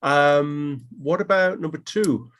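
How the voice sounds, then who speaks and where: A man teaching an online English class, talking in a relaxed, chatty way with many ums and restarts. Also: fairly high pitch, slow, clear, resonant tone.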